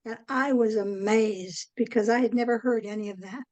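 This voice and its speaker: An older woman, a guest in an interview, telling a long story in a rambling way, with many pauses and "um"s. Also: a little high, steady tone, a little mellow, dry recording, poor audio. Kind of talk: casual interview chat.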